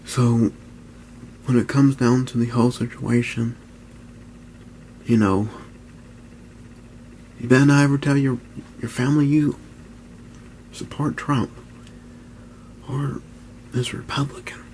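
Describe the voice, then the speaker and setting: A man in his early twenties, talking low and often whispering in a halting vlog at home, with many restarts. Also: little pitch movement, darkish tone, slight background noise. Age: 20s. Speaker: YouTuber. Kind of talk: hushed vlog talk. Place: at home, indoors.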